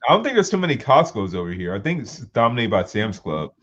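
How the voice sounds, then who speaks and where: A man's voice: mid-range voice, big pitch swings, fast talker. Laid-back man on dull lo-fi audio. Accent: Atlanta. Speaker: podcast co-host. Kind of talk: casual chat.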